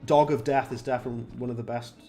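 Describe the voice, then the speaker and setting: Rambling young man streamer, mellow voice. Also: mid-range voice, fairly even intonation, very fast. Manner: rambling, reacts to chat with laughs. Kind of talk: casual stream commentary reading chat. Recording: faint music behind. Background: faint music.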